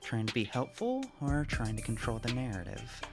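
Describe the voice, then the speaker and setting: A man's voice: mid-range voice, very animated, moderate pace, vocal fry, music in the background. A man voicing an earnest officer of the court who asks questions plainly, reading a game script on a live stream.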